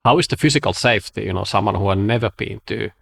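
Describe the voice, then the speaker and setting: Gravelly-voiced male interviewer. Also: lowish voice, fast talker, fairly bright tone. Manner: searching, rambling questions. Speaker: podcast host. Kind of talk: interviewer asking questions.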